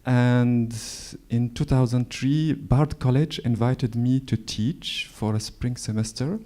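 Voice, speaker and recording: A man in his forties from Morocco with a Moroccan French accent, speaking in a halting, hesitant way and reading his own prose at a library event. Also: mid-range voice, mellow. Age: 40s. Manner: hesitant, halting, frequent fillers. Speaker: author. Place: public library event hall.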